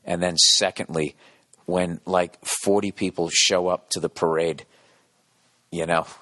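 A man hosting a solo podcast from a hotel room, rambling and swearing with sarcastic asides that swing from mumbled to excited. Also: low-pitched, a little slow, no room sound, clean studio sound. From United States. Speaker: podcast host.

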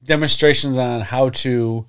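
A man's voice: medium pitch, fairly even intonation, measured pace, a bit bright, clear, resonant tone. A man co-hosting a podcast, chatting casually and cutting in with crude jokes and teasing. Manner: jokey interjections and crude teasing. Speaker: podcast co-host. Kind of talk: casual joking chat.

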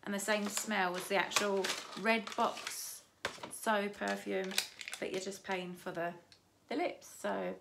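Chatty grandmother with a gravelly voice. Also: medium pitch, flat delivery, slow pace, background noise. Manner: chatty, rambling, restarts and trails off. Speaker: vlogger showing a shopping haul. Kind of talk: casual haul chat.

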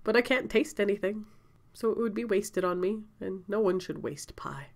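A woman's voice: mid-range voice, moderate pace, vocal fry. A woman telling a casual story-time vlog while sick and out of breath, chatty and rambling, often laughing and coughing between thoughts. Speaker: vlogger.

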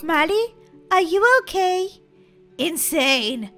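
A very high, piercingly bright woman, excitable and dramatic, hamming it up in a playful game role-play. She swings between giggles and mock panic, with soft music under her voice. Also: measured pace.

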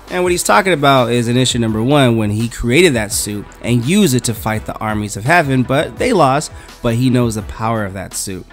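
A man's voice: mid-range voice, animated, fairly quick, faint music behind. A man casually reviewing a comic book in a laid-back, slangy way.

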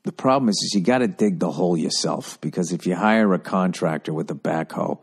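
A man's voice: low voice, fairly quick, gravelly, husky. A man hosting a podcast who delivers a comedic monologue rant in a profane, rambling, sarcastic way. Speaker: podcast host.

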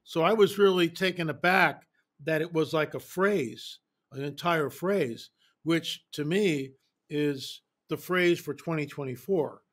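A man speaking as an interview guest, telling stories in an animated, emphatic way and repeating phrases for effect. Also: fairly high pitch, unhurried. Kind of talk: casual interview storytelling.

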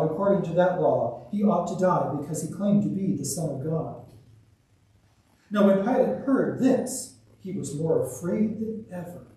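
A man giving a measured, solemn liturgical scripture reading as the church's reader. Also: on the high side, dark tone. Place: church sanctuary. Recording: echoey church, distant mic.

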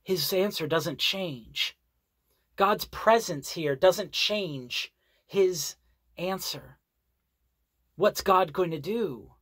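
A Bible teacher giving an earnest sermon, reading scripture aloud and explaining it with deliberate repetition. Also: medium pitch, fairly bright tone, no echo. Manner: earnest, deliberate, repeats key phrases for emphasis.

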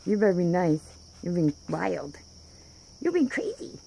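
With a lowish, husky voice that is creaky and dark in tone yet swings widely in pitch, a woman who rescues wildlife chats to her animals in sing-song baby talk at a measured pace. She laughs often as she films them on her phone.

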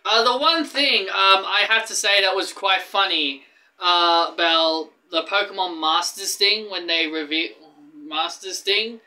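An eager man chatting through gaming news on his channel, tripping over his words and starting sentences again. His voice sits high and rings very bright and sharp. He sounds like he can barely contain his excitement. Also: measured pace. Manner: excitable and rambling, with frequent restarts. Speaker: gaming YouTuber. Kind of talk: casual gaming news vlog.

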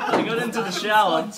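A young man telling a funny story in a casual, animated way, laughing often and swearing freely. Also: high voice. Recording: distant mic, loud background noise.

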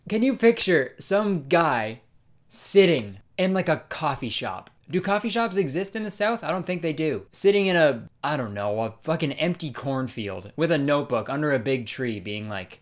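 A young man giving comic commentary in an excitable, sarcastic way, swearing often. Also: fairly high pitch, a little slow. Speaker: comedy YouTuber. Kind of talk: comedic commentary.

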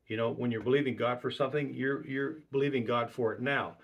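A man delivers a sermon in a slightly husky voice, pitched in the middle range for a man. He preaches emphatically and repeats key phrases to drive each point home. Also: steady tone, a little fast.

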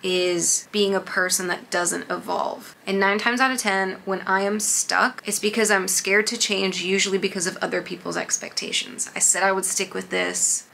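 A woman's voice: fairly low pitch, creaky, pushed and bright, a little hiss or hum. A young adult woman in a casual talk-to-camera vlog, candid and rambling, swearing freely. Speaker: vlogger.

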